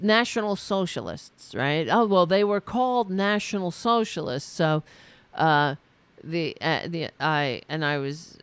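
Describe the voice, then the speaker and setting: A woman host talks through a heated story at an unhurried pace, cursing and stumbling through restarts with plain exasperation. Her voice sits a little low and comes across smooth and clear. The recording is dry and close. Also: no echo. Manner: profane, exasperated, many restarts and fillers. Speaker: political talk show host. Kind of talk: casual spoken commentary, retelling a debate.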